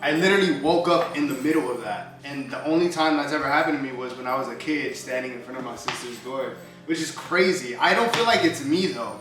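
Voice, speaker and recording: A man's voice: medium pitch, quick pace, few pauses. A young man vlogger telling a story in laid-back, slangy talk with casual swearing. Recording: roomy echo, mic far off, music behind.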